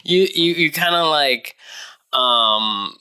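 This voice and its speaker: Very bright-voiced laid-back man. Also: on the high side, animated, slow pace, smooth. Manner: laid-back, slangy, says "dope". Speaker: podcast host. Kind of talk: casual chat.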